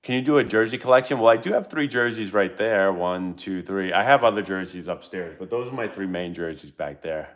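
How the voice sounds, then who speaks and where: This deep-voiced middle-aged man, a former pro baseball player, hosts a casual live-stream Q&A on his channel. His intonation is lively and his delivery brisk with few pauses as he tells rambling stories, interrupting himself along the way.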